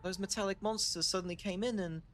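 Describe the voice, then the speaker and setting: A man voicing a frightened young woman from a game, high and urgent. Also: fairly even intonation, fast talker, fairly bright tone, a little hiss or hum. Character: anxious young woman in danger.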